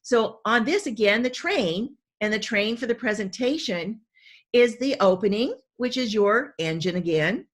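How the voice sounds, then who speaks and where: A woman's voice: on the high side, animated, unhurried. A woman speaking coach teaching a webinar in an enthusiastic, conversational way, often repeating herself for emphasis.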